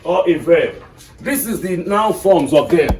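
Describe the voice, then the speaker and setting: A man's voice: a little high, lively intonation, unhurried, over music. A man with a Nigerian accent teaching an English lesson to a class, quizzing students and checking "are you getting me". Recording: echoey classroom from far off with noise.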